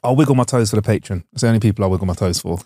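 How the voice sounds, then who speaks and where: A man's voice: fairly low pitch, rapid-fire, warm tone, no room sound, clean studio sound. A young man co-hosting a podcast, upbeat and jokey, full of slang. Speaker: podcast co-host. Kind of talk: casual chat.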